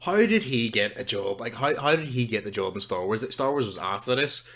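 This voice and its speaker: Wry man, lively pitch. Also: a little fast. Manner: dry, mocking, wry. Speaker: podcast co-host. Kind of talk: casual podcast chat.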